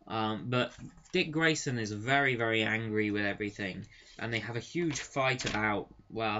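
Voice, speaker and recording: A man's voice: medium pitch, a bit bright. A young man giving a casual, amused and sarcastic spoken review. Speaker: comic book reviewer. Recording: dull lo-fi recording.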